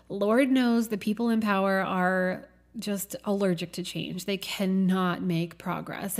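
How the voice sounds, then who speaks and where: Woman, podcast host, reflective spiritual monologue, earnest, musing, drawn-out phrasing. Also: medium pitch.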